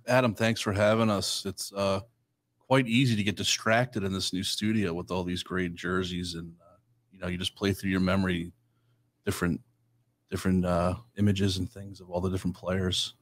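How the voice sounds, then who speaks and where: A man's voice: low-pitched, level tone, moderate pace. A man who is a guest on a casual studio chat, reflective and hesitant.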